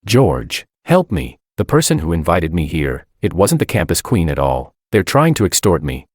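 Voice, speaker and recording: A man's voice: sits low, huge pitch swings, moderate pace, a little mellow, no echo, studio quality, full character voice. A man voicing a boastful, crude teenage boy classmate who talks in a mocking, exaggerated tone. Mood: pleading.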